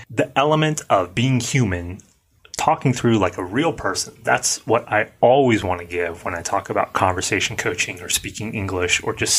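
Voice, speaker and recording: In a casual, relaxed English conversation lesson, a man coaches by talking things through and stressing words for emphasis. His pitch is fairly low.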